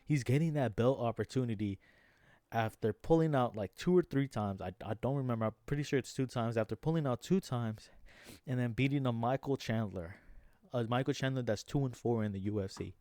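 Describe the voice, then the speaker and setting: A man's voice: medium pitch, brisk, mellow, no echo, clean studio sound. A young man ranting in casual reaction commentary about fights, slangy and frustrated, saying "bro" a lot. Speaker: MMA vlogger.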